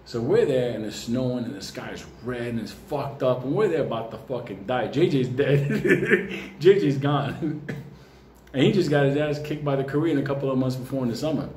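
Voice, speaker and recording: A man tells a comic story in a profane, animated way, laughing often. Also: medium pitch, normal speed, a little hiss or hum. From New York. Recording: roomy with faint ambience.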